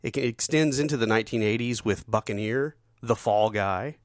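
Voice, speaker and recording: A man's voice: on the low side, moderate pace, no echo, clean studio sound. A man co-hosting a podcast, jokey and reading out trivia in casual chat. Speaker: podcast co-host.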